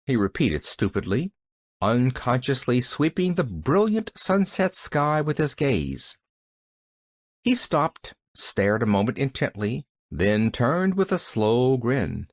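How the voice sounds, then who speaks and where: Lively-voiced storybook narrator, mid pitch, dry close mic. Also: slow pace, no room sound. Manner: expressive storytelling. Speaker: audiobook narrator. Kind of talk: scripted narration.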